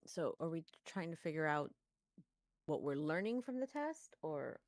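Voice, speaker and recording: A woman's voice: low voice, very animated, a little slow, no room sound, clean studio sound. A woman playing in a tabletop game, rambling and talking about her character in the third person. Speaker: player. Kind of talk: casual tabletop role-play.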